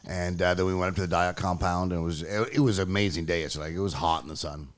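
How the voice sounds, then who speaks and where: A man's voice: low-pitched, rapid-fire. A man co-hosting a podcast, telling about his week in a loose, rambling way full of "uh"s. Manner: rambling, filler-heavy storytelling. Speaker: podcast co-host. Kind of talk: casual chat.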